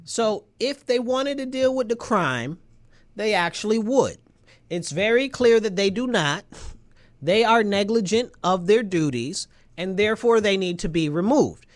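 A man's voice: sits high, animated, a little slow. A man from New York State delivering an agitated political rant, emphatic and repetitive with many rhetorical questions. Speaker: local political commentator.

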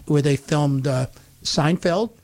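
Guy on a radio show telling a long story, kinda high-pitched, does little voices for the quotes. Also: slow pace. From Utica, New York. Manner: animated anecdote teller, acts out quotes. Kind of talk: casual storytelling.

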